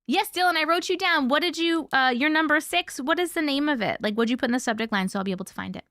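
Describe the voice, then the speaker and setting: A woman's voice: sits high, fast talker, pushed and bright, no echo, studio quality. A woman hosting a casual livestream, chatting and greeting viewers by name in a bubbly way. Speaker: livestream host. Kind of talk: casual livestream chat reading comments.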